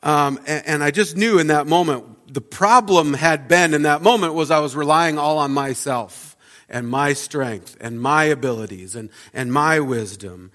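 A man's voice: on the high side, moderate pace, sharp tone. A man in his thirties, a pastor giving a conversational, reflective sermon with frequent fillers in a church. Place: church sanctuary. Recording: long reverb of a church hall.

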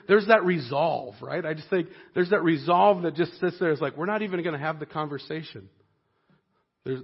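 A man preaching a sermon in a conversational way, growing animated when he voices the people in the story. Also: a little high, breathy edge, highs cut off. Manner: conversational, animated when voicing quoted figures. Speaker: pastor.

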